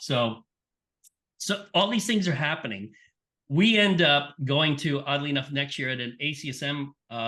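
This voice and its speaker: A middle-aged man, a sports nutrition scientist, telling stories as a podcast guest and acting out the people he quotes. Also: medium pitch. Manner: animated storyteller, acts out quoted people. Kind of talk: casual interview storytelling.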